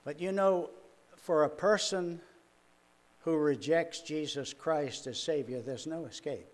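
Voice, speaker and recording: A man's voice: on the high side, a little slow. An older man, a minister preaching a sermon in a folksy, chuckling, storytelling way. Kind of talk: sermon with personal stories.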